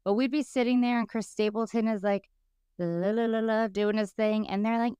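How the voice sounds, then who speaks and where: A woman in her thirties, co-hosting a podcast, telling stories in a lively, casual way and acting out the people she quotes. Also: on the high side, moderate pace, clear, resonant tone, no echo, lo-fi sound. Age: 30s. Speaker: podcast co-host.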